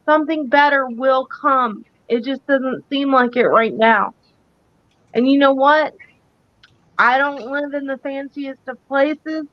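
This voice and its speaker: A woman's voice: sits high, takes it slowly, dry recording, lo-fi sound. A woman co-hosting a live psychic talk show, speaking earnestly and emphatically, repeating her key points. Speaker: psychic co-host.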